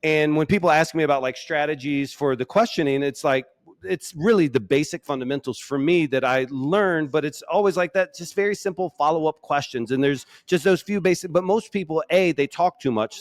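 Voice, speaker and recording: A man's voice: fairly high pitch, no echo. Enthusiastic male podcast host, dry sound. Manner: enthusiastic, frequent affirmations, builds on guest's points. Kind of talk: podcast interview.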